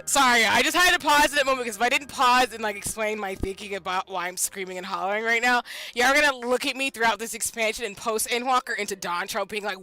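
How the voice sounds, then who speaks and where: Excitable high-voiced woman streamer. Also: brisk, low-quality recording. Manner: excitable, loud, laughing, swearing. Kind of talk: game stream reaction commentary.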